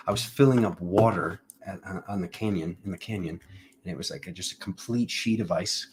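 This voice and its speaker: A man's voice: deep voice, brisk, a little mellow, a little hiss or hum. A man giving a casual, playful tarot reading, rambling between jokes and card meanings. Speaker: tarot reader.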